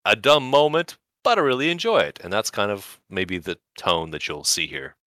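A man co-hosting a casual podcast, recommending shows to his friends with animated, wry humor. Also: fairly low pitch, moderate pace, no room sound, studio quality. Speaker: podcast co-host. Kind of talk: casual chat.

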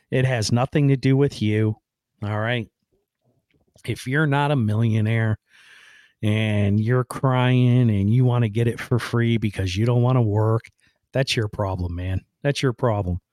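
A man's voice: on the low side, darkish tone, no echo, clean studio sound. A man hosting a podcast, delivering a blunt, rambling opinion monologue with casual swearing and frequent "right?" and "man". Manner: swears casually and then apologizes. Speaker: podcast host.

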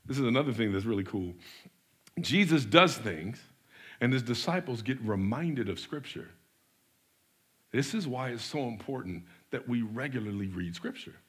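A man preaching a sermon as pastor, animated, with repeated restarts, often acting out quoted voices. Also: medium pitch, normal speed, breathy edge.

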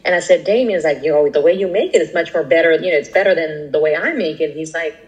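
A woman co-hosting a casual podcast, telling animated stories and acting out quoted voices. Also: low-pitched, quick pace, muffled recording. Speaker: podcast co-host. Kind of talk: casual chat, storytelling.

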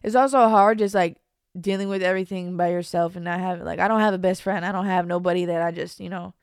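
In a fairly low, clean-toned voice, a young woman talks fast while hosting her own podcast. Her confessional chat rambles with fillers, repeated restarts, and casual slang such as "bro," captured in studio quality with no echo.

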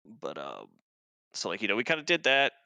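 Laid-back profane man, low voice. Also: huge pitch swings, a little fast, gravelly, sharp tone, dry recording. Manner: laid-back, profane, rambling with many fillers. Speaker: guest, army veteran. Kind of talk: casual war storytelling.

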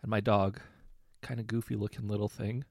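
Gravelly-voiced man telling anecdotes. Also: lowish voice, fairly quick, no room sound, studio quality. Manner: relaxed, conversational storytelling with self-corrections. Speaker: story narrator. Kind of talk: reading short anecdotes aloud.

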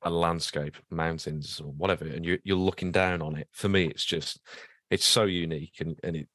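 A man's voice: low-pitched, fairly even intonation, normal speed, a bit bright, no echo, clean studio sound. A man with a Birmingham accent, a guest photographer on a podcast, talking in a laid-back, jokey way and trailing off mid-thought. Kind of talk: casual podcast chat.

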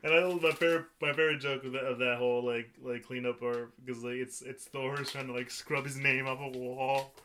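A man's voice: mid-range voice, little pitch movement, sharp tone, a little hiss or hum. A man co-hosting a casual review chat, swearing and restarting his sentences often, sitting farther from the mic. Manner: swearing, halting with many restarts. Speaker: podcast co-host.

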